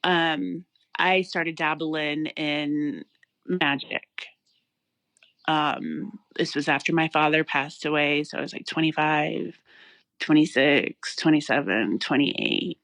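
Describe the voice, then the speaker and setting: Low-voiced woman telling a personal story. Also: slow pace, a bit bright, no echo. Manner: emotional storytelling with many fillers and restarts. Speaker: guest. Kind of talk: personal testimony interview.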